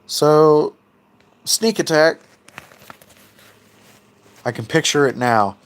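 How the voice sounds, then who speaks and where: Slow, laid-back man retelling myths. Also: fairly high pitch, clean tone. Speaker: mythology video host. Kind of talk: casual livestream storytelling and reading.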